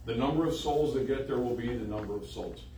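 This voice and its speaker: Emphatic preacher in an echoey room. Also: male voice, medium pitch, fairly quick, mellow, recorded from a distance, slight background noise. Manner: emphatic, repeats phrases for emphasis. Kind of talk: sermon.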